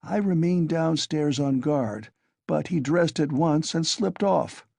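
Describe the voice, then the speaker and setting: A man voicing a loud, tipsy young man who blusters and argues, in a husky voice. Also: a little high, lively intonation, slow pace, no echo, studio quality, voice pushed up, full character voice. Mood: blustering.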